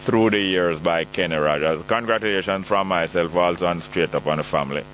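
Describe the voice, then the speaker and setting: A man's voice: deep voice, a little fast, fairly bright tone, slight background noise, poor audio. A middle-aged man with a Jamaican accent hosting a call-in radio talk show, chatty and joking as he reads out listener texts.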